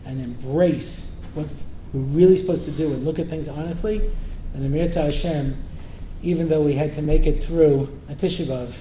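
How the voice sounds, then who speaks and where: Rabbi lecturing in an echoing hall. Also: male voice, on the high side, fairly even intonation, moderate pace, dark tone. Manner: joking, asks the listeners questions again and again. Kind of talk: humorous Torah lecture to an audience. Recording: roomy hall with faint noise.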